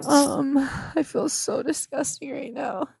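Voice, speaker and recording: A woman's voice: sits high, fairly even intonation, slow, vocal fry, darkish tone, no room sound, studio quality. A young woman hosting a comedy podcast, indignant and laughing, saying "like" a lot. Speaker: podcast host.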